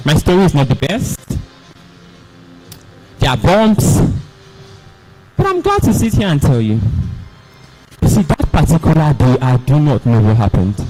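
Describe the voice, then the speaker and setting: A young man, speaking in a measured, reflective way about his past, as a male performer plays him. His voice sits fairly high and moves in a lively way, with faint music behind. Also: poor audio. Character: young man looking back calmly on hard childhood.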